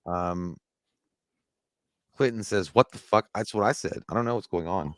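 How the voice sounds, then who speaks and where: Live-stream co-host, male, lowish voice, dry close sound; casual, profane, rambling. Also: normal speed, no echo. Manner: loose, profane, rambling answers to chat. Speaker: live show co-host reading chat.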